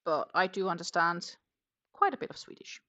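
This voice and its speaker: An animated woman from Denmark, her voice on the low side, bright and forceful, talks at a moderate pace over dull audio. She hosts a casual crochet livestream from home, reading viewers' comments aloud, with frequent fillers and an accent mixing Danish, Dutch and English.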